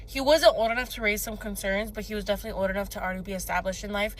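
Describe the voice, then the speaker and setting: A woman's voice: medium pitch, steady tone, racing. A woman tells a put-a-finger-down story in a chatty, conversational way. Her voice sits in a middle register. Faint background noise is audible under her.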